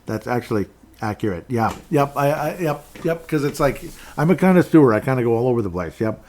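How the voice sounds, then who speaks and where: A man's voice: medium pitch, expressive, brisk. A man hosting a casual solo podcast, rambling along and reading out listener comments with a chuckle. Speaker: podcast host.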